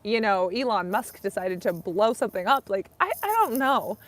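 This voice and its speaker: A woman's voice: mid-range voice, big pitch swings, moderate pace, hardly any pauses. A young woman talking casually on a live stream about skincare, rambling with lots of "like" and "you know".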